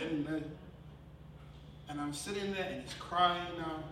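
A man with a New Zealand accent preaching a sermon, telling a family story with animated swings between loud laughing bursts and quiet earnest passages. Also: a little high, measured pace, distant mic. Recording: echoey hall, recorded from afar, with noticeable background noise.

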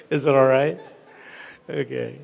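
A middle-aged American man preaching as a guest pastor, humble and halting, with many fillers. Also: mid-range voice, vocal fry, darkish tone, dull audio. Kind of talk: sermon. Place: large church hall. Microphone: handheld or headset mic. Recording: long church hall reverb.

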